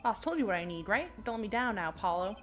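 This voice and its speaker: A woman voicing a pushy older male noodle vendor who talks in a loud, folksy way and ends his lines with "eh". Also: mid-range voice, big pitch swings, fast, faint music behind, close to an everyday voice.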